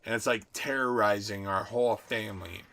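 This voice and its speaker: A young man streaming, talking to his chat in an excitable, profane rant. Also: lowish voice, fairly quick, gravelly. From United States. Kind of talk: casual livestream chat.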